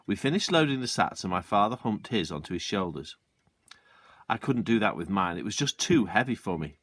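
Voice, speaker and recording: A man's voice: fairly low pitch, fairly quick, no echo. A man reads a children's chapter book aloud like a teacher. His voice moves up and down with real expression as he narrates. The recording is dry and close, with no room sound. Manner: expressive, switches between character voices. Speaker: teacher reading to pupils. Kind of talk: storybook read-aloud.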